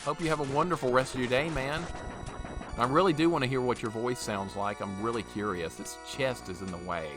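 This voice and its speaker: A man's voice: mid-range voice, brisk. A man from Alabama, chatting casually with viewers while streaming a game, reading chat aloud and laughing often. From Alabama, USA. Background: game music.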